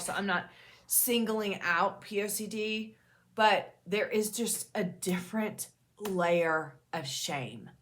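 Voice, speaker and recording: A woman's voice: mid-range voice, a bit bright. A woman in her thirties, an OCD peer support advocate, talking straight to her viewers in an earnest, reassuring and emphatic way. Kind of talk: direct-to-camera talk.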